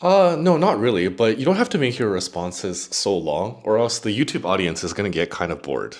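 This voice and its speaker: Deep-voiced, lively tech-reviewing man. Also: fairly quick. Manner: casual, chatty, talks straight to the AI assistant. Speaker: tech YouTuber. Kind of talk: casual product review.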